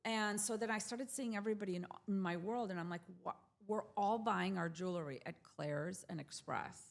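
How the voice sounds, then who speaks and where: A woman with a gravelly, creaky voice, telling the story of her business in a relaxed interview. She talks animatedly and slips into quoted voices of the people she met. She sounds like she is in her forties. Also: mid-range voice, moderate pace. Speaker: jewelry brand founder, guest.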